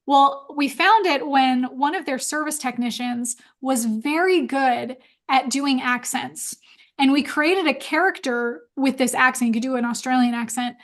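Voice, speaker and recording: A woman's voice: sits high, normal speed. A woman hosting a live online workshop, chatting upbeat while answering questions from the comments. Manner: chatty, upbeat, quotes clients in voices. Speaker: webinar host. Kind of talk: live Q&A webinar.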